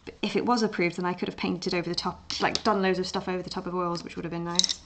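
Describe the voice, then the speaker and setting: A woman's voice: fairly low pitch, little pitch movement, fast talker, background noise. Young english woman, bit of essex in her voice, rambly chat while she draws at home, lots of ums and restarts. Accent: Essex-tinged English. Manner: chatty, rambling, with many fillers and restarts. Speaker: livestream art host. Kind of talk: casual chat while drawing.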